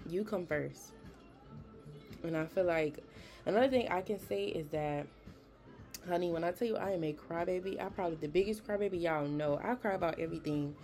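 A woman's voice: low voice, creaky, warm tone. A young woman hosting a podcast, chatty and emphatic, giving casual motivational talk with slangy asides. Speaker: podcast host.

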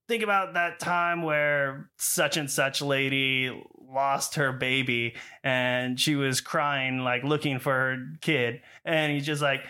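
A man with a bright, forward voice co-hosts a podcast about movies. He retells plots in a loose, animated way, laughing as he goes and slipping into the characters' lines. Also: medium pitch, slow pace, clear, resonant tone. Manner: animated storytelling, laughs often, mimics characters. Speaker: podcast co-host. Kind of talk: casual chat, retelling a film plot.

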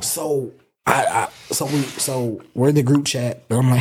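A young man hosting a casual talk show, telling a story in an animated way and acting out what people said. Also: mid-range voice, unhurried, breathy edge. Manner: animated storyteller, acts out quotes. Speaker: podcast host.

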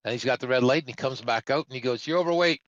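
Middle-aged trucker, chatty storyteller, mid-pitched voice, dry close sound. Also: male voice, fast, no echo, lo-fi sound. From Canada. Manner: rambling, animated, acts out the voices of other people. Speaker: truck driver telling a story on a trucking talk show. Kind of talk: casual storytelling.

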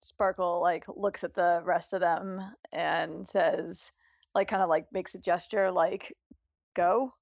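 A woman playing a tabletop game, talking slowly and hesitantly. The recording is dry and slightly muffled. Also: on the low side, level tone, gravelly, dry recording. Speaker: player. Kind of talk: casual tabletop play.

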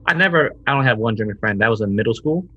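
A man's voice: mid-range voice, animated, racing, pushed and bright, husky. A laid-back man co-hosting a podcast, slangy and casual, reading game listings. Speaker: podcast co-host. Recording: dull lo-fi recording.

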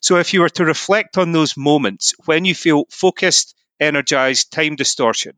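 A man's voice: a little high, normal speed, sharp tone, no room sound. A Scottish man talking as a podcast guest, explaining ideas in an earnest way, often saying "you know". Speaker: podcast guest, mindset coach. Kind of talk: casual podcast conversation.

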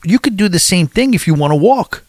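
A man's voice: high-pitched, lively intonation, brisk, dry recording, studio quality. A man from the United States telling a travel story to his viewers in a casual, rambling, candid way.

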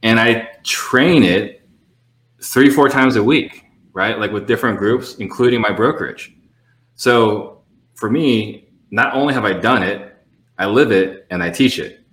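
Man, low voice, bright forceful tone, real estate sales trainer, casual podcast chat, measured, echoey room. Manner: measured, explains with quick acted-out phone dialogues.

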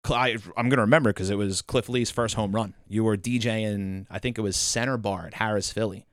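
A man, a DJ and MC telling stories as a podcast guest, animated and acting out quotes. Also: lowish voice, brisk, dry recording, clean studio sound. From Delaware County, Pennsylvania. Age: 30s. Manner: animated storyteller, acts out quotes. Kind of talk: casual chat.

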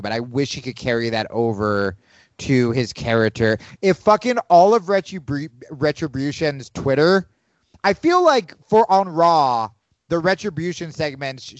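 A man in casual podcast chat, animated and profane, rambling through his opinions. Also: mid-range voice, dry recording, muffled recording.

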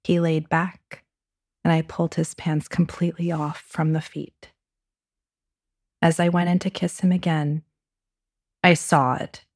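A woman hosting a podcast, narrating a personal dating story with intimate hushed passages and wry, sarcastic asides. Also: low voice, little pitch movement, measured pace, pauses often. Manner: intimate, dropping to a hushed whisper for racy moments. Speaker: podcast host.

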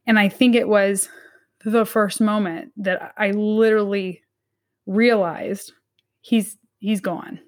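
Her story is personal and told with earnest hesitation and frequent restarts; she is a woman in her thirties, an academic guest in an interview. The voice is mid-range, steady in tone, and a little mellow.

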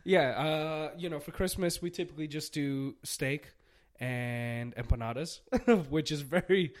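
A man co-hosting a podcast, chiming in with short agreements and jokes between laughs. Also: fairly high pitch. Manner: quick agreeing interjections, laughing. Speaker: podcast co-host. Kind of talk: casual podcast banter.

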